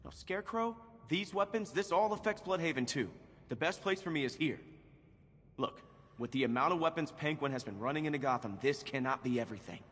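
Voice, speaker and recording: Earnest young male game hero, fairly high voice, lively swinging pitch. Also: fairly quick, big-room sound. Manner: earnest, pleading. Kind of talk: video game cutscene acting.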